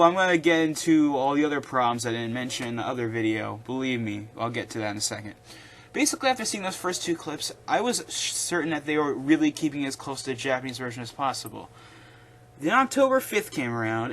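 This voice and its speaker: A man's voice: mid-range voice, a bit bright. A young man hosting his own video, ranting casually and with exasperation, rambling with restarts. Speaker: video host.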